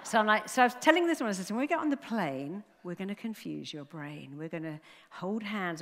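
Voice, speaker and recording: Animated woman speaker in a reverberant hall. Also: medium pitch, a little fast. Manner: animated storyteller, acts out voices. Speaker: motivational speaker. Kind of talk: motivational talk on stage.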